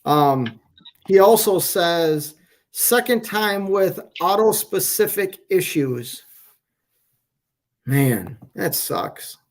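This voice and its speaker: A man trucker chatting casually on a live stream from a hotel room, talking in slow, halting phrases with frequent restarts. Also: high-pitched, expressive. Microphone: phone on hotel wifi.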